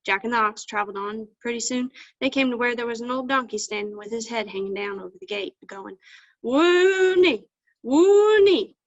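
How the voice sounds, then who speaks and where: A woman's voice: mid-range voice, steady tone, fast talker, sharp tone, no room sound. A woman storyteller telling a folktale with folksy country phrasing over a video call. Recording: dull lo-fi dry sound.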